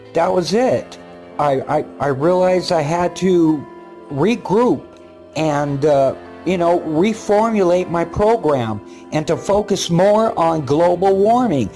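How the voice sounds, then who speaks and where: A man's voice: on the high side, darkish tone. Rambling older man narrating his own footage. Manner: rambling and halting, with repeated words and many fillers. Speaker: paranormal video maker. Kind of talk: casual vlog commentary over his own footage.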